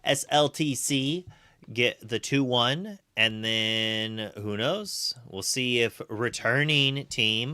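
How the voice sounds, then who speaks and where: A man's voice: mid-range voice, bright, forceful tone, no echo. A man previewing upcoming tournament matches in an upbeat way. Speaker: tournament host. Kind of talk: event preview.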